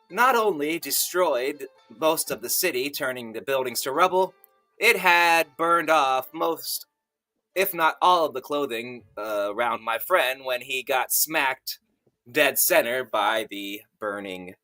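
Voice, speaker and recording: Guy narrating a made-up story, slow and wry, bright voice, a bit of music behind. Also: mid-range voice, animated. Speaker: author co-hosting a story podcast. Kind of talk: improvised first-person story narration.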